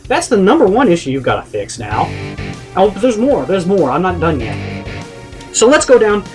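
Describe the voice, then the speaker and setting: A man delivering a comedic rant on a vlog. He swears freely, trips over restarts and drives each point home in an exasperated, fairly high voice. Faint guitar music plays under him. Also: wildly swooping pitch, moderate pace, darkish tone. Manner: exasperated, profane, rambling with many restarts. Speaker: vlogger.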